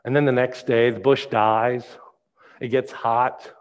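A male pastor preaching a sermon, retelling a Bible story in a lively storytelling way. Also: medium pitch, measured pace. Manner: animated storytelling.

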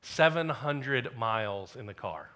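Preaching a sermon, a middle-aged pastor uses a bright, forward, medium-pitched voice and tells his message like a story among friends. He's expressive and measured in pace, occasionally dropping into quiet asides.

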